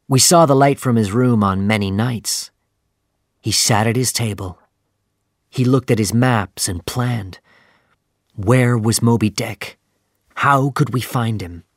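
A man narrating a simplified sea novel in a slow, clear, even storytelling manner. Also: on the low side, no echo, clean studio sound. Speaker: audiobook narrator.

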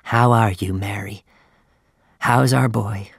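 A man plays a grave, gentle first mate, speaking low and quiet. His gravelly voice is slow and sorrowful, in a dry, close storybook reading. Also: dry recording, exaggerated voice. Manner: quiet, pleading.

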